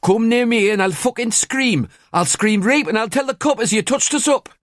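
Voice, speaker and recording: A man's voice: very high-pitched, normal speed, no room sound, clean studio sound, pitched above the performer's own voice. A man voicing a sullen, streetwise teenage girl from Newcastle in an audiobook, with a Geordie accent and bolshy back-talk. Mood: defiant. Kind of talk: audiobook character voice.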